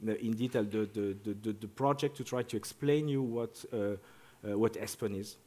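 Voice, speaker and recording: A man's voice: lowish voice, moderate pace, mellow. A man, a project director, presenting at a conference, often repeating words as he restarts phrases.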